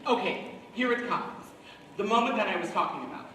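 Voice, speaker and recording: A confiding, rambling lover of old musicals, played by a young man on a school stage. His voice sits high and bright. It carries from a distance through a very echoey auditorium. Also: expressive, fairly quick, a little hiss or hum. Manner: confiding, rambling asides to the audience. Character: wistful middle-aged male musical fan, chatty. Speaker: student actor. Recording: echoey hall from far off.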